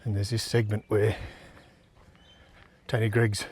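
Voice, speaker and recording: A man's voice: lowish voice, little pitch movement, unhurried, darkish tone, slight background noise. An Australian man vlogging casually on a riverside trail, chatting in an easygoing, rambling way with lots of fillers while he walks. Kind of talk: casual outdoor vlog chat.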